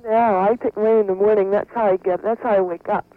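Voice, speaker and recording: A woman's voice: medium pitch, steady tone, quick pace, no room sound, narrow, tinny audio. A woman guest on a radio show, giggly and bashful, answering teasing questions.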